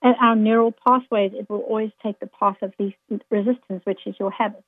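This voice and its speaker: A woman's voice: medium pitch, steady tone, a little fast, no room sound. A woman guest speaker talking earnestly in a faith-based interview, quoting scripture to motivate listeners. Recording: tinny phone-like line.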